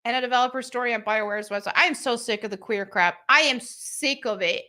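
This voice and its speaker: A woman's voice: on the high side, a little fast, sharp tone. A woman hosting a live show, giving blunt, sarcastic commentary while reading from articles. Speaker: livestream show host.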